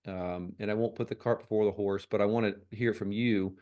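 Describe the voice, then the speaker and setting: A man's voice: on the low side, brisk, hardly any pauses, a little mellow. A man hosting an interview podcast, asking long questions and restating what his guest has said. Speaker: podcast host.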